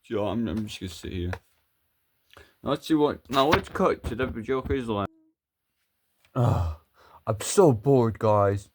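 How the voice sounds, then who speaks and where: A man performing a crude, improvised comedy skit with toys, swearing and rambling as his voice jumps between high and low. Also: a little slow, long pauses.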